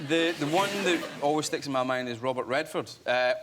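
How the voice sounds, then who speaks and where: Scottish guy chatting on a tv sofa, lively, jokes at himself, lapel mic. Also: mid-range voice, a little fast, very noisy. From Scotland. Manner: animated, self-mocking storytelling. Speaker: guest actor. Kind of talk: chat show interview. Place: TV studio with audience.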